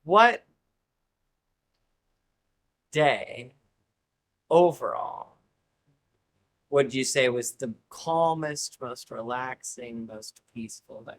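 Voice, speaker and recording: A man's voice: mid-range voice, lively intonation, drawn-out words, long pauses. A man interviewing a guest, asking curious follow-up questions and laughing easily.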